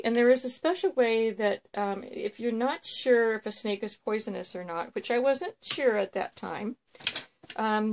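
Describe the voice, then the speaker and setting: A woman hosting a casual vlog, rambling through a story with many ums and restarts. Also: mid-range voice. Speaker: vlog host. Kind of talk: casual chat.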